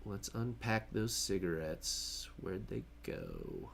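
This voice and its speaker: A man's voice: low-pitched, wildly swooping pitch, slow, creaky, slight background noise. A man casually narrating his own gameplay on a stream, chatty, joking and laughing to himself as he plays.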